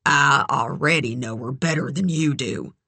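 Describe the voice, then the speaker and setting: A reader voicing a possessive, volatile man in an audiobook thriller, speaking slowly and low with sudden shouts. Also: gravelly, slightly rough, no room sound, exaggerated voice. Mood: menacing. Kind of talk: audiobook character voice.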